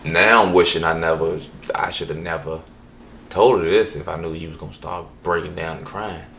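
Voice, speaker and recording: Animated male stand-up storyteller. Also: sits low, normal speed, vocal fry, a little hiss or hum. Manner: animated, punchy, exasperated asides. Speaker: comedian.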